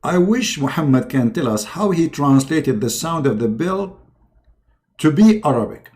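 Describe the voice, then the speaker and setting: A man giving mocking commentary in a halting delivery with many fillers. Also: a little high, expressive, a little mellow. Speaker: religious debate streamer.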